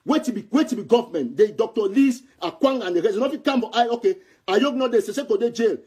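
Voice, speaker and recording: A man's voice: high-pitched, animated, fast, a little mellow, husky. A man from Southern Cameroon speaking Cameroonian Pidgin English, giving an impassioned political commentary in a heated, repetitive way.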